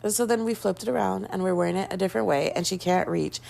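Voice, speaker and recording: Woman vlogger with lots of vocal fry, dramatic storytime, does everyone's voices and hams up her own freakouts. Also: fast talker, noisy background. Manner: animated storytelling, acting out quoted dialogue with big pitch jumps; dramatic, self-mocking panic. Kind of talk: casual storytime vlog.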